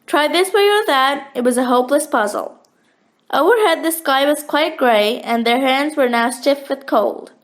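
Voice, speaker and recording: High-voiced woman reading a children's story. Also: normal speed. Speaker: narrator.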